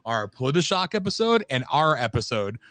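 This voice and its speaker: A man's voice: medium pitch, big pitch swings, fairly quick, fairly bright tone, no echo. A man co-hosting a radio talk show, griping bluntly and wryly with frequent swearing. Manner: blunt, profane, wry griping. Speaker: co-host. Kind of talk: casual political chat.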